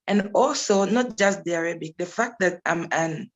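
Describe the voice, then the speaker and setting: A young woman, a recent graduate whose first language is English, answering questions in a loose, chatty way. She tells her story with lively asides and laughs often. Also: lowish voice, normal speed, lo-fi sound. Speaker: graduate guest.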